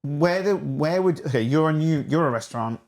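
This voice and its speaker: A man's voice: fairly high pitch, lively intonation, brisk, a little mellow. A middle-aged man hosting a podcast, talking casually with many restarts and acted-out quotes. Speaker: podcast host. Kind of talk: casual interview chat.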